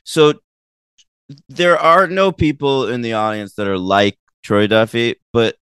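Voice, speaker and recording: A man's voice: mid-range voice, unhurried, fairly bright tone, clear, resonant tone, no echo. A man hosting a film podcast in casual chat, teasing his co-host and blunt in his opinions.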